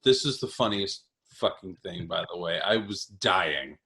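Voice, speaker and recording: A man's voice: deep voice, animated, unhurried, sharp tone. A man in his thirties co-hosting a podcast, chatting casually and animatedly, laughing often and leaning on fillers. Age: 30s. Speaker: podcast co-host. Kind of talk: casual chat.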